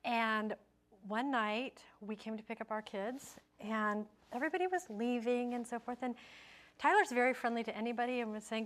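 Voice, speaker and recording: Slightly high-voiced woman telling a story. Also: normal speed. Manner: lively anecdotal storytelling. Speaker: guest, a parent.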